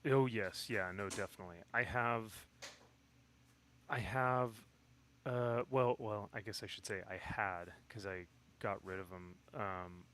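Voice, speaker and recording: Low-voiced man rambling in casual chat. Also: fairly bright tone, a little hiss or hum. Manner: rambling, halting, many fillers and restarts. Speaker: stream guest.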